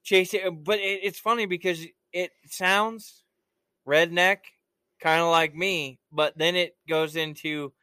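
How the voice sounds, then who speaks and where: Brief: man, host, casual and profane storyteller, clean crisp voice with a bright edge, dry close sound. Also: high-pitched, fairly even intonation, slow pace, no room sound. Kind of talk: casual chat.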